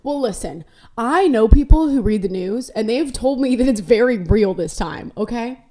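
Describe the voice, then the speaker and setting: A woman's voice: a little high, expressive, normal speed, dark tone. A young woman hosting a casual solo podcast, rambling candidly between topics with self-deprecating jokes. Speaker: podcast host.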